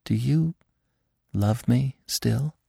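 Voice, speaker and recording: A man voicing a young female deer in a storybook reading, asking soft, sad questions. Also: deep voice, huge pitch swings, fairly quick, breathy edge, dry recording, clean studio sound, heavily acted. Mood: sorrowful. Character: young female deer, lively but sorrowful.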